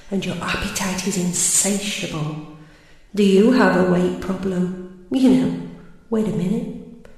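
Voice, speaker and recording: A woman's voice: mid-range voice, darkish tone. A woman reciting poetry with a wry, theatrical delivery. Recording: roomy hall with long reverb.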